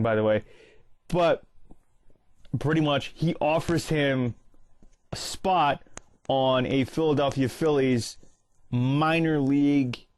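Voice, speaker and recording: Here a movie channel host, a man in his early thirties, loosely recaps a film's finale and recites some of its dialogue in an easygoing monologue. His pitch is medium.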